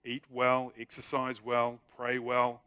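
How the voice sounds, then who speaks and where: A man's voice: mid-range voice, monotone, slow, sharp tone, clear, resonant tone. A man preaching a sermon in a conversational, humorous way, acting out short everyday dialogues. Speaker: pastor.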